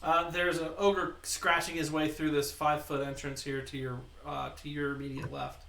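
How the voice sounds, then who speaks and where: A man running a tabletop game as dungeon master, making brisk, teasing rulings. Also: on the high side, little pitch movement, vocal fry, bright, forceful tone. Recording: roomy, distant mic with faint noise.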